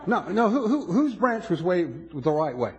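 A man's voice: high voice, big pitch swings, moderate pace, dull audio, some chatter behind. A male pastor preaching a sermon in a conversational way, asking the congregation questions with frequent restarts.

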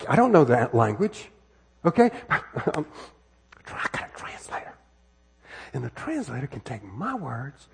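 A man's voice: on the high side, a little mellow, slightly rough. An American man preaching a sermon in a church, talking conversationally through a body-worn microphone with many rhetorical questions and repeated phrases. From United States. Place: church sanctuary. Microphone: wireless microphone worn on body.

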